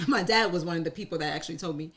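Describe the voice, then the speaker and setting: A woman's voice: lowish voice, rapid-fire, a crowd in the background. A woman co-hosting a live talk circle, speaking openly about personal matters. She is chatty and candid and laughs easily as she shares. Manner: open, chatty, laughs often, calls herself an oversharer. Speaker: co-host. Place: room with a live audience.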